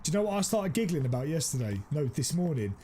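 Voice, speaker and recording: A man streaming a game, chatting casually and teasing his viewers, quick to exclaim. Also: a little high, a little hiss or hum. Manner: excitable, teasing, exclaims often. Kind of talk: casual live-stream chat.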